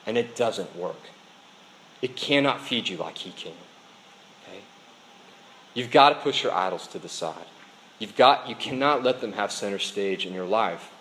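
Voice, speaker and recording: A man's voice: fairly low pitch, animated, moderate pace, pauses often, fairly bright tone, slight background noise, poor audio. A man preaching a sermon, speaking earnestly to his congregation. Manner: earnest preaching, reads a dialogue aloud with voices. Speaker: pastor.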